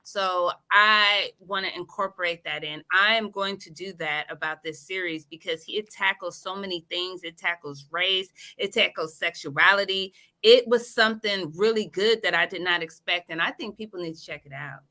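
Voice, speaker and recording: Woman, guest, bright voice, animated, candid, casual chat. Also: on the low side, normal speed, hardly any pauses.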